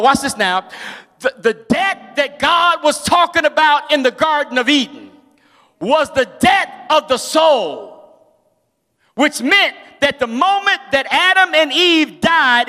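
A man pastor preaching a sermon, rising to shouts at climaxes and dropping into casual storytelling asides. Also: very high voice, in a large hall.

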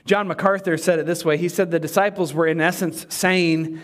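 A man preaching a sermon as pastor, animated and playful, acting out the disciples in quick asides and dropping to a hushed, slow voice for emphasis. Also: high voice.

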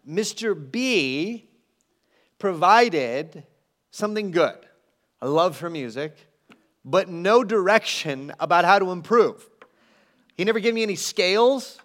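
A man preaching a sermon in an animated, conversational way, with self-deprecating asides. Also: sits high, measured pace. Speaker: pastor.

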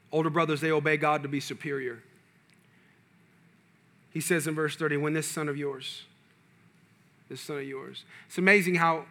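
A man preaching a sermon in a casual, slangy way, repeating phrases and building intensity before dropping to a quiet, hushed tone. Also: fairly high pitch. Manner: preaching with rising intensity, quoting imagined prayers. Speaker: pastor.

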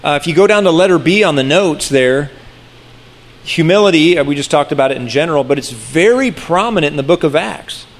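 A man preaching a sermon in an earnest, conversational way, often restarting phrases and slowing down to stress key words. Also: fairly high pitch, expressive. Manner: earnest, with frequent restarts and slowed emphasis. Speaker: pastor.

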